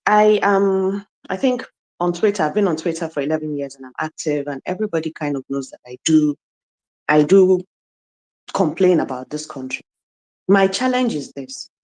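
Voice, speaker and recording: A woman's voice: sits low, normal speed, a little mellow. A woman giving an emotional, preachy speech full of rhetorical questions in an online audio chat room. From Nigeria. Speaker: guest speaker.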